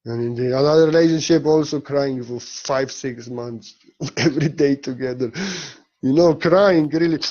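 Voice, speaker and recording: A man's voice: mid-range voice, moderate pace, dark tone, lo-fi sound. A man giving an informal spiritual talk as a teacher, speaking candidly and emotionally, blunt and sometimes swearing.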